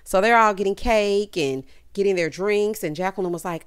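A woman giving a casual, sassy recap of a reality show, with animated asides to the viewer. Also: medium pitch, moderate pace, smooth.

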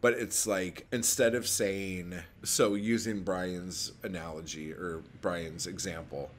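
Man, very low voice, casual vlog, blunt, profane, rambling, filler-heavy. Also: steady tone, takes it slowly, slight background noise. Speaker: poet giving writing advice. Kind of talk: casual talking-head vlog.

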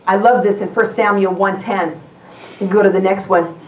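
In a church sanctuary, a woman guest pastor preaches conversationally, often restarting sentences and putting questions to the congregation. Her mid-range voice is steady and a little mellow, at a moderate pace. The recording is distant, in an echoey church hall.

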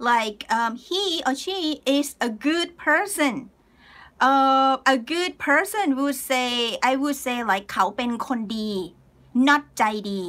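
Woman, high voice, live-stream language teacher: patient step-by-step explainer who answers the chat. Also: pushed and bright. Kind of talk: live online language lesson.

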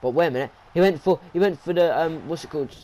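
A young man giving excited, rambling play-by-play commentary over a wrestling video game, pleading with the action on screen. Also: on the high side, quick pace. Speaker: gaming commentator.

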